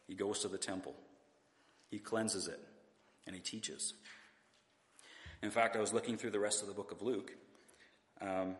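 A man's voice: fairly low pitch, a bit bright, echoey room, in a large hall. A man preaching a sermon in a church, talking in a conversational way, asking the congregation rhetorical questions and sometimes restarting his words. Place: church sanctuary.

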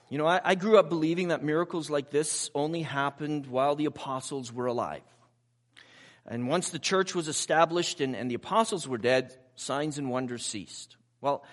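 A male preacher with a high voice that leaps up and down as he talks. He delivers his sermon conversationally, trading personal asides for rhetorical questions to the congregation. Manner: asks the audience rhetorical questions.

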